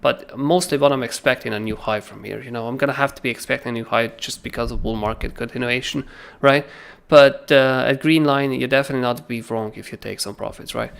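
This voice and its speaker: A man hosting a crypto trading livestream, talking through charts in a casual, animated way and often asking "right?". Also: medium pitch, fairly quick, creaky, hardly any pauses, clean tone.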